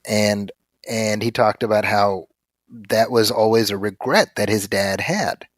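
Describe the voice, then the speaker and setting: A man co-hosting a podcast, chatting casually and reading listener mail with animated storytelling. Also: on the low side, unhurried, no room sound, clean studio sound. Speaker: podcast co-host. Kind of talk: casual chat.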